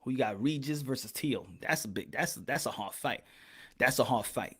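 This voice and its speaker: A man doing boxing commentary as a loud, profane, animated casual rant, laughing often. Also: mid-range voice, moderate pace, breathy edge.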